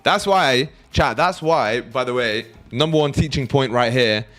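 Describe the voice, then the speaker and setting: A man's voice: medium pitch, unhurried, a bit bright, faint music behind. A young British man hosting a live trading stream, chatting casually with his viewers, joking, swearing and laughing freely. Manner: banters with chat, swears freely, laughs often. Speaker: livestream trading host. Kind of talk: casual livestream chat with viewers.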